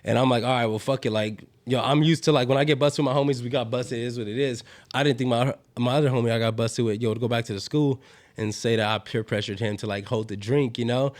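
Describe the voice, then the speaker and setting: A man's voice: medium pitch, steady tone, quick pace. A young man, telling a long story as a podcast guest and filling it with "yo" and "bro". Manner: rambling slangy storytelling, constant "yo" and "bro" fillers. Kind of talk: casual storytelling.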